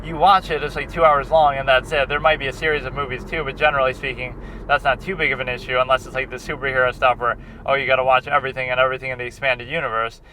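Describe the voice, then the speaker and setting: A man's voice: medium pitch, little pitch movement, quick pace, hardly any pauses, bright, forceful tone, slight background noise. A man and film critic chatting in a rambling, casual vlog, often restarting his sentences, recorded on a handheld recorder outdoors. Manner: meandering, many restarts and fillers.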